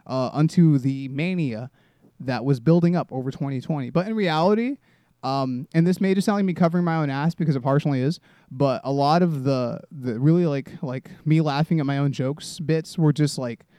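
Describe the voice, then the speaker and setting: A man's voice: on the high side, normal speed, warm tone, dry recording. A man in his twenties hosting a solo comedy podcast, rambling and self-deprecating, swearing often and restarting his sentences. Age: 20s. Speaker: podcast host.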